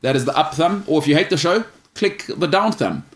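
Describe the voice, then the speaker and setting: A man hosts a sports talk show, chatting casually and jokingly as he reads viewer questions and gives firm opinions, stumbling over names. His fairly high voice is expressive and brisk.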